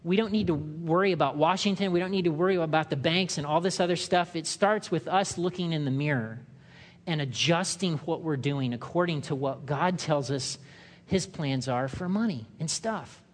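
A man preaching a sermon in a conversational way, acting out quotes in loud, higher voices. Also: moderate pace, in a large hall. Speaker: pastor.

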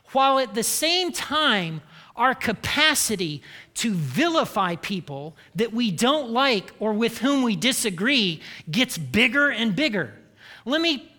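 A man from Indiana delivers a sermon and talks to the room as if in conversation, often tagging lines with "okay?" and "right?". His voice sits high and sounds bright and forward. It rings out with a long echo from a large hall. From Indiana, United States. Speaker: preacher.

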